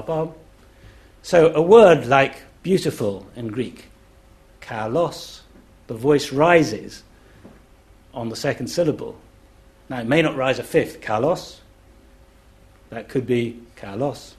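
A man lectures on a festival panel with an unhurried, deliberate delivery. He speaks at a middle pitch and stops to chant rhythms aloud as examples. His manner is that of a scholar laying an idea out carefully. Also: darkish tone. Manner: measured and deliberate. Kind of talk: explanatory public talk.

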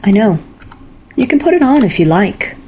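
A woman voicing a stern, insistent mother who scolds her daughter, in a husky voice. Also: mid-range voice, sing-song, moderate pace, dark tone, a little hiss or hum, pitched above the performer's own voice, natural voice. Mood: tender. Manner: scolding, commanding.

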